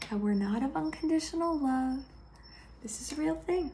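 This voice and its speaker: A woman sharing a heartfelt personal vlog, speaking gently and intimately to the viewer and often dropping into a soft whisper. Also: high voice, expressive, moderate pace, slight background noise. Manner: affectionate, speaks straight to the viewer.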